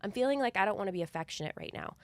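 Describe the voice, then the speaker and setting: A woman's voice: mid-range voice, huge pitch swings, racing, creaky, dry recording. A young woman co-hosting a casual podcast, blunt and playful, laughing often and reading a listener's letter aloud. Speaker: podcast co-host.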